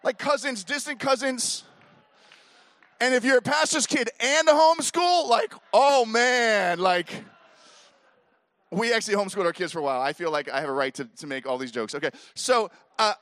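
A man in his forties telling a story to a live audience at an event, animated and acting out the voices of the people in it. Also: very high-pitched, dry recording. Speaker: speaker at a youth leader event.

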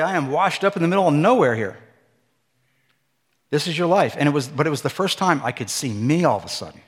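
A middle-aged man, a former pastor, giving an emotional personal testimony sermon, moving between loud emphatic bursts and hushed low passages. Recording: long hall reverb.

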